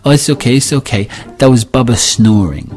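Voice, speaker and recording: A man voicing his whiny toddler daughter under two, with high wailing demands in simple words. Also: lively intonation, fairly quick, a little mellow, soft background music, lightly acted. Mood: sweet chatter.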